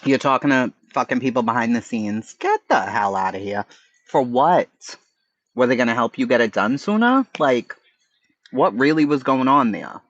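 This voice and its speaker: A man's voice: medium pitch, expressive, moderate pace, a bit bright, no room sound, highs cut off. A man with a Boston accent hosting a casual livestream chat, blunt and profane, answering his chat. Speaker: livestream host.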